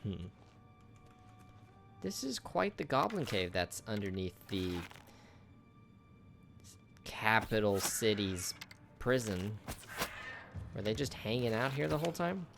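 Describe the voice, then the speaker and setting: A man's voice: lowish voice, big pitch swings, slow, creaky, long pauses, music in the background. A man chatting casually through a video game, joking with the enemies he fights. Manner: chatty, jokes with on-screen enemies. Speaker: gameplay streamer. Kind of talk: casual gameplay commentary.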